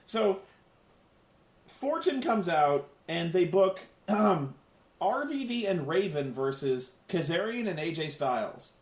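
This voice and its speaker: A man with a high voice rants through a sarcastic comedic recap. His pitch swings widely as he mocks and swears. The recording has a roomy, echoing sound. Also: big pitch swings, slow. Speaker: wrestling show reviewer.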